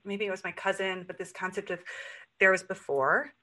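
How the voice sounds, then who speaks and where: A woman's voice: medium pitch, normal speed, pushed and bright, poor audio. A woman hosting a podcast in casual conversation, earnest and searching, with many "like" fillers, her voice rising when she quotes herself. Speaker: podcast host.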